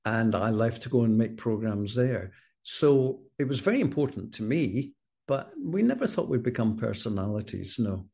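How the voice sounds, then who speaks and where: Wry Scottish man with a gravelly voice. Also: medium pitch, big pitch swings, normal speed, mellow. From Scotland. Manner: wry, self-deprecating storyteller. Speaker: former television continuity announcer, guest. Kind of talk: relaxed interview chat.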